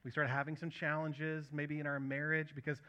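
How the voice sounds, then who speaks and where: A man preaching a sermon as pastor, emphatic, asking the congregation questions and dropping soft at the ends of phrases. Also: fairly high pitch, level tone, fairly quick, clean tone, dull audio.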